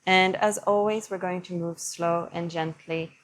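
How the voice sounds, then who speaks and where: A young adult woman teaching yoga, guiding breathing in a slow, gentle, soothing way. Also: fairly low pitch, fairly even intonation, low-quality recording. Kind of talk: guided yoga instruction.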